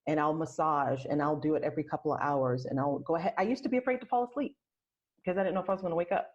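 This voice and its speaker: Low-voiced woman, muffled lo-fi sound. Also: very fast. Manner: soft, reflective, with frequent restarts. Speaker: podcast guest, aromatherapist and health coach. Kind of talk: casual interview chat.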